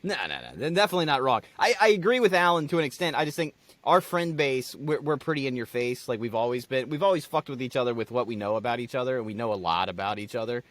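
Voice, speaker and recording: A man co-hosting a podcast, chatting easily and giving a casual movie review, often pausing on fillers. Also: mid-range voice, expressive, a bit bright. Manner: easygoing, hesitant, trails off with fillers. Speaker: podcast co-host.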